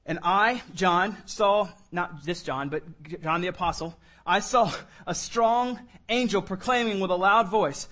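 A man preaching a sermon as pastor, reading scripture slowly and building from quiet passages to loud, emphatic ones. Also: high-pitched. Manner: reads scripture slowly with weight.

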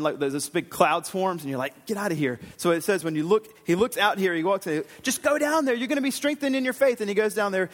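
A pastor preaching a sermon in a casual, rambling way, with fillers and self-corrections. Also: male voice, on the high side. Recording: long hall reverb.

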